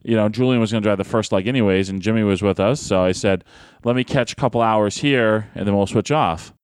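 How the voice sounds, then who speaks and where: A man's voice: fairly low pitch, fairly quick, smooth, no room sound, clean studio sound. A man, a wrestler, chatting casually on a podcast, telling stories with lots of laughs and acted-out voices. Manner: animated storyteller, laughs often, acts out voices. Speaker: pro wrestler, podcast guest.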